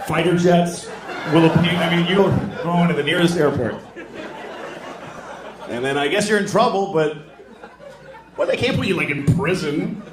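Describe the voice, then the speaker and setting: A man doing a stand-up comedy set, telling stories deadpan and breaking into loud acted-out voices. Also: on the high side, background noise. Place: theater stage before a laughing audience. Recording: roomy live venue with crowd laughter.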